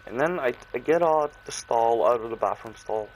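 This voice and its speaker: A man's voice: mid-range voice, lively intonation, slight background noise, poor audio. A young man telling a casual story, rambling, with slang and many restarts, briefly acting out the voices in it. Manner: acts out his own and others' lines in quick bursts.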